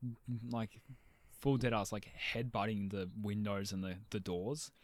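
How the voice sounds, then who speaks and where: A man's voice: fairly low pitch, steady tone, a little slow. A young man with an Australian accent, telling a story in casual chat, rambling with fillers, restarts and swearing. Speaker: shop worker telling a story.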